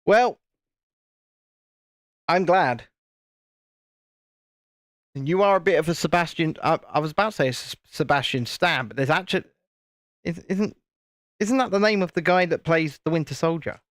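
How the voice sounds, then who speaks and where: A man's voice: on the high side, expressive, moderate pace, pauses often, fairly bright tone, no echo, studio quality. A British man hosting a live stream, chatting casually and playfully with viewers while building a toy set, often stopping and restarting his sentences.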